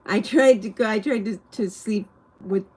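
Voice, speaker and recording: Woman on a livestream, rambly and giggly, answering chat questions, mid pitched. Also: moderate pace, a little mellow, breathy edge.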